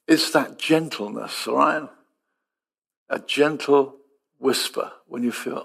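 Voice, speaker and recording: A man preaching a sermon, acting out dialogue with lively storytelling and dropping to soft, quiet tones. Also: mid-range voice, takes it slowly, creaky, pauses often, slightly rough.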